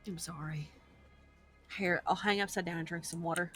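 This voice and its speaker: A woman's voice: lowish voice, steady tone, normal speed, a bit bright. A woman chatting in character in a roleplay game, giggly and apologetic. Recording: faint music behind.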